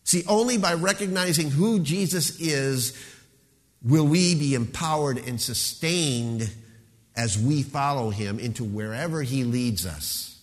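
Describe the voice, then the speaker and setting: Man, pastor, emphatic sermon delivery, slows to stress words, mid pitch, long hall reverb. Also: lively intonation. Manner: emphatic preaching, slowing down to stress key words.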